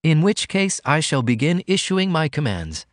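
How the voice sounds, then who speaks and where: A man's voice: on the high side, big pitch swings, normal speed, dry recording, studio quality, voice pushed up. A man voicing a prim, coaxing young woman. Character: refined young woman, gently scolding and affectionate. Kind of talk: audiobook character voice.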